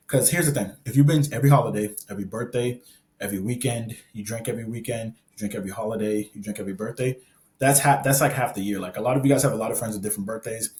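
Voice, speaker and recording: Brisk, blunt young male fitness coach, swears often, recorded in a roomy, echoing space. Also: on the low side, a little mellow. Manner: blunt, profane, emphatic, repeats phrases. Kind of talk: blunt motivational monologue.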